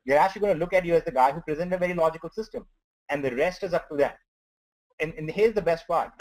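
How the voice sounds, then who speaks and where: A man with an Indian accent speaks earnestly on a webinar call, his voice sitting somewhat high. He repeats little words as he explains. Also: fast, darkish tone, low-quality recording. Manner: repetitive, earnest, says okay a lot. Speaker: company co-founder. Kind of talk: webinar presentation.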